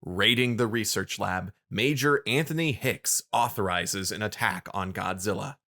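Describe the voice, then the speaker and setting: Low-voiced man recapping a cartoon. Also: unhurried. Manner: relaxed, storytelling recap. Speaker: podcast co-host. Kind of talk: casual chat and episode recap.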